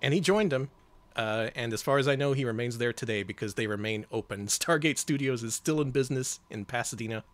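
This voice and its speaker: A man's voice: medium pitch, fairly quick. A man co-hosting a casual gameplay chat, joking, laughing often and swearing freely. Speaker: co-host playing a game.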